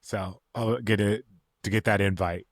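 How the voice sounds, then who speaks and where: A man's voice: lowish voice, steady tone, normal speed, no room sound. Middle-aged guy on a podcast, easygoing and self-mocking, dry close mic. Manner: joking, self-deprecating. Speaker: podcast co-host. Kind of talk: casual chat.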